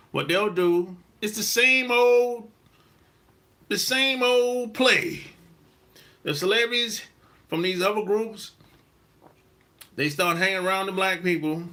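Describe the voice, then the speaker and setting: A man from South Carolina, hosting a podcast and telling a story in a blunt, emphatic monologue with cursing and drawn-out stresses. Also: high-pitched, sharp tone. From South Carolina, USA. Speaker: podcast host. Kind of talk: casual monologue.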